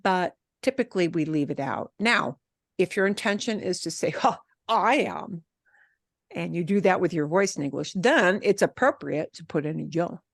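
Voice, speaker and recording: A woman teaching a Spanish class, explaining grammar with lively emphasis and repeating example phrases. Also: fairly low pitch, moderate pace, vocal fry, no room sound, clean studio sound. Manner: animated, emphatic, switches between English and Spanish examples. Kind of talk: online class instruction.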